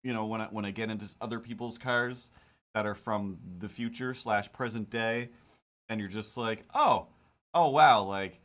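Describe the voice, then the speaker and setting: A man's voice: lowish voice, fairly even intonation, normal speed, a bit bright. A man streaming while he draws, chatting casually in a rambling, self-mocking, jokey way. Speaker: cartoonist streamer.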